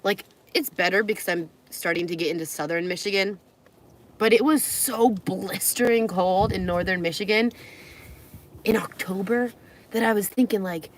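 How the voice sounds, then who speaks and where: A woman's voice: medium pitch, normal speed. A young woman from California, chatting and rambling in a casual travel vlog from the car she lives in, often laughing. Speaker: vlogger.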